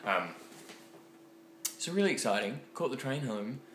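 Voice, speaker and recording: A young man, chatting excitedly and rambling in a home vlog, full of ums and likes. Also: mid-range voice, normal speed. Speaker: vlogger. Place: home kitchen. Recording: echoey room with faint background noise.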